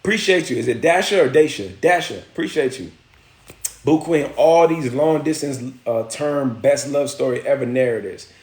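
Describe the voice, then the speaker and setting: A man hosting a live stream tells a loose, slang-filled story and keeps pausing to welcome and thank viewers. His voice is medium-pitched, darkish and at a normal speed, over a roomy echo with a little hiss or hum.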